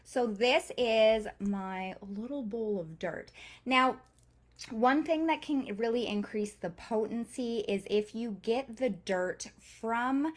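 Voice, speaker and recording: A woman's voice: on the high side, slow. Woman, workshop leader recording at home on a computer mic, casual, rambling delivery with fillers and the odd curse. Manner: casual and chatty, loose with swearing; rambling, with frequent fillers and restarts. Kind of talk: live online workshop lesson.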